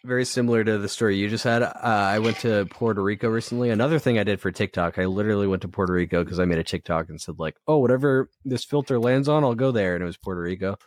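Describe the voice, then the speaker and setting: A man's voice: fairly low pitch, fairly even intonation, very fast, hardly any pauses. A young man in his twenties co-hosting a podcast in casual chat. He rambles, laughs often and swears freely. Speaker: podcast co-host.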